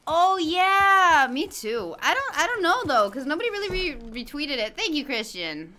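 Chatty woman streaming a game, bright voice, says hi to chat a lot. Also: high voice, very animated, brisk. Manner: chatty, greets chat viewers by name, laughs often. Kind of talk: casual livestream chat while gaming.

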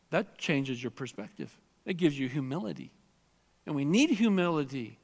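A man's voice: high-pitched, in a large hall. A man preaching a sermon as pastor, earnest and emphatic, repeating phrases and acting out prayers and scripture in a church sanctuary.

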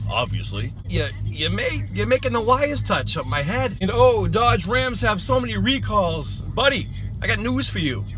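A man's voice: high-pitched, poor audio. A man hosting his own vlog, ranting sarcastically and mocking another creator. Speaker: channel host.

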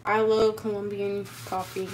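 A woman's voice: medium pitch, flat delivery, unhurried, background noise. A young woman chatting casually on a livestream, answering viewers while moving around her kitchen, laughing and emphatic. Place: home kitchen.

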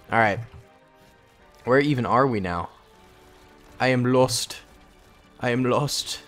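Excitable man with lively jumping pitch. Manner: excitable, jokey, bursts into yelps. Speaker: gaming YouTuber. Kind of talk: gameplay commentary.

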